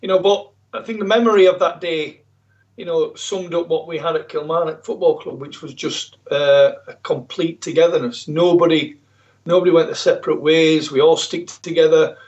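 A man's voice: fairly high pitch, steady tone, moderate pace, a little mellow, lo-fi sound. A man with a South Yorkshire accent, a former footballer chatting in an interview, good-humoured and often repeating words. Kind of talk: casual interview chat.

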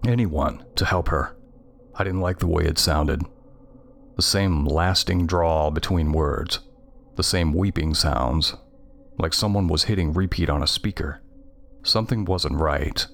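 A man's voice: low voice, fairly bright tone, slight background noise. A man narrating a first-person horror story in a tense, scripted reading.

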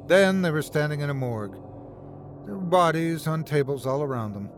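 A man narrating a horror story in a measured, dramatic way. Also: a little high, lively intonation, slight background noise.

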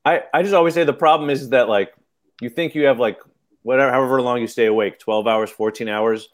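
A male comedian rambles through a casual podcast chat, hedging with fillers and breaking into laughs. His voice sits at an ordinary middle pitch. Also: a little fast. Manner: rambling, hesitant, laughs often.

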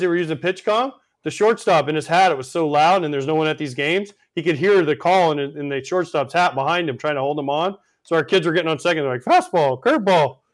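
A man talks baseball on a podcast, quick and loose, spilling one anecdote into the next. His voice sits a little high and he barely pauses for breath. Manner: rambling storyteller, laughs often. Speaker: co-host, former catcher. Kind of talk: casual sports chat.

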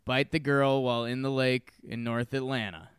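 Deadpan young man, very crisp voice. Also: mid-range voice, moderate pace, no echo. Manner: dry, deadpan quips. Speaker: podcast co-host. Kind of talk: casual chat.

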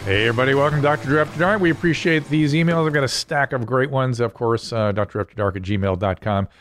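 An older man hosts a podcast in an easy, casual chat. He rambles and often breaks off mid-thought before circling back. His voice sits at a medium pitch. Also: fast talker, a bit bright, soft background music. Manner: rambling, self-interrupting. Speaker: podcast host.

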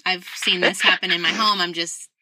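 Bright, low-pitched woman hosting. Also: fairly even intonation, moderate pace, no room sound. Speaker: host. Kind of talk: podcast interview.

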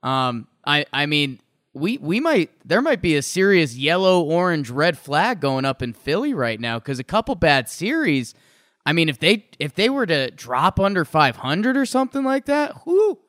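A man co-hosting a casual baseball podcast, talking in an animated, rambling way with lots of restarts. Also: on the high side, moderate pace, dry recording, clean studio sound. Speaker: podcast co-host. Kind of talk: casual sports chat.

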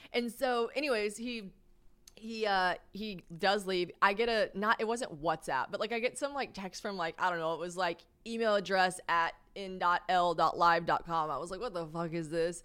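Podcast host, woman, late 20s, casual storyteller, animated, salty, plays out every quoted line. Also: smooth. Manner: animated, swears, acts out quotes with jumps in pitch and volume, laughs often. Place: her apartment.

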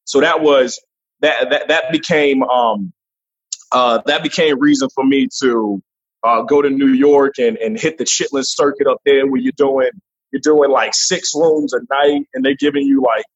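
A man, a comedian guest, chatting casually and profanely in an animated interview. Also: medium pitch, moderate pace, slightly rough. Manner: animated, profane, jumps into voices. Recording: dull lo-fi remote line.

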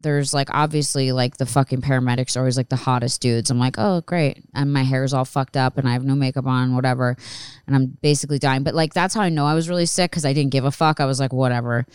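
A woman's voice: extremely low pitch, level tone, fast talker, clear, resonant tone, no echo. A woman in her thirties telling a personal story in a candid, rambling way and swearing freely. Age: 30s. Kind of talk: casual storytelling monologue.

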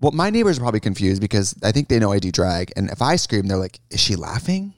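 A man's voice: on the low side, sing-song, fast talker, no room sound. Young male co-host, casual jokey chat, dead-dry close voice. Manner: joking, bursts into loud laughter. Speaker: podcast co-host.

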